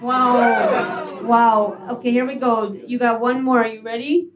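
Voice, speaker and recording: A woman's voice: a little high, steady tone, music in the background. A woman hosting a live comedy game show, playful and laughing as she teases contestants. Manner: playful, laughing, drawn-out repetitions. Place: small live comedy venue. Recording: loud crowd noise in a live venue.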